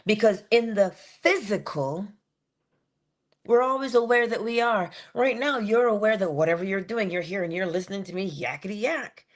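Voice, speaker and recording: Woman giving a playful spiritual talk. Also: medium pitch. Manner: conversational, playful asides, slow drawn-out emphasis. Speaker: inspirational speaker.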